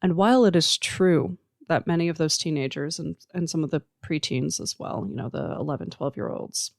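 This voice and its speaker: An adult podcast host speaks in an earnest, reflective monologue, stacking points in slow, deliberate lists. The voice carries a gravelly, fry-edged texture, sitting in a middle register. The sound is dry and close, with no room around it. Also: medium pitch, dry recording. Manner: earnest, emphatic, listing points in slow measured runs. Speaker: podcast host who works with teens.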